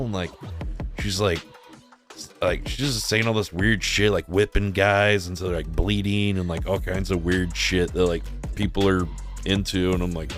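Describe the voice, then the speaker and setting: Low-voiced guy rambling through a crude story, tons of fillers, goes loud and high for the quotes, faint music behind. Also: steady tone, moderate pace. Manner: acts out quoted lines in a raised voice. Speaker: streamer telling a story. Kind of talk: casual storytelling.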